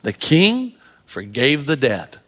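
A man voicing a slave husband calmly telling his wife news, in a long hall reverb. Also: mid-range voice, slow, pitched below the performer's own voice, full character voice. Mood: soothing.

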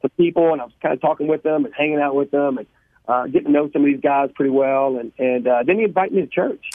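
A man's voice: on the high side, fast talker, dry recording. Man telling his story by phone. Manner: animated, laughing, repeats words. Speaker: radio guest. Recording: tinny phone line, dry.

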